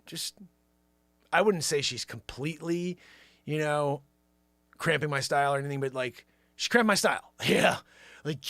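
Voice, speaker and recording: Male host, bright and sharp tone, very lively pitch, improvised comic riffing with shouted bursts, dry close sound. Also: normal speed, dry recording. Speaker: show host. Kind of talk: improvised comedy monologue.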